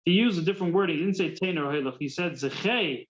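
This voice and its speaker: Male rabbi teaching a Talmud class; high-pitched voice, slightly muffled recording. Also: brisk, few pauses. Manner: mixes Hebrew-Yiddish terms into English, repeats words while thinking.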